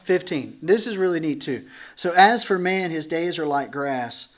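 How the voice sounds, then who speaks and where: Speaking at normal speed in a slightly high voice, a pastor teaches through scripture to his church congregation in an easy, conversational style. He's animated, slipping into little acted-out voices for the dialogue and trading jokes with his listeners.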